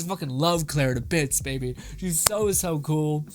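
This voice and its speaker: A man hosting a casual anime reaction talk, animated and gushing, swearing often. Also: a little high, normal speed, few pauses, soft background music. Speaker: anime commentary host.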